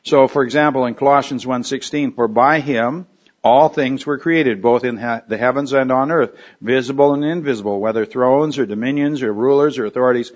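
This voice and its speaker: A man's voice: mid-range voice, brisk. A man giving a conversational expository sermon, thinking aloud with restarts and fillers as he explains a verse. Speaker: preacher. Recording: dull lo-fi recording.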